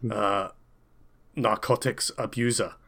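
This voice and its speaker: A man's voice: lowish voice, fairly even intonation, takes it slowly, gravelly, a crowd in the background. A man voicing a boastful, self-important Scottish talent agent who once failed as an actor, speaking in a Scottish accent. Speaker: player. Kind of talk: tabletop role-play.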